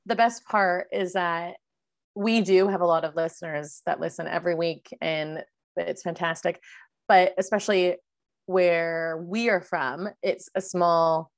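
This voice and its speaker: A woman's voice: lowish voice, fairly even intonation, unhurried. A woman with a Canadian accent and a slightly nasal voice co-hosting a podcast, chatting in a blunt, playful way. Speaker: podcast co-host. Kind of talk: casual chat.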